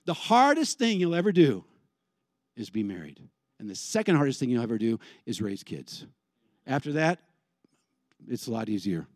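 A man preaching a sermon in a lively, conversational way, putting questions to the congregation. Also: a little high, normal speed, long pauses, no room sound, clean studio sound. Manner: animated, conversational, asks the crowd questions. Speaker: pastor.

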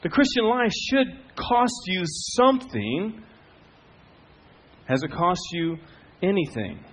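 A middle-aged man preaching a sermon as a pastor, telling stories with swings from hushed to loud. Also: high voice, very animated, slow pace, breathy edge.

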